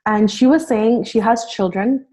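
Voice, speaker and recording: A woman's voice: fairly high pitch, a little slow, dark tone. A young adult woman, a life coach, talking as a guest in a casual podcast conversation, earnest and encouraging, with many fillers.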